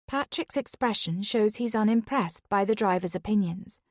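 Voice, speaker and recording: A woman reading a first-person thriller audiobook in a steady, even way. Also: medium pitch, moderate pace, few pauses, no echo, studio quality. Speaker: audiobook narrator.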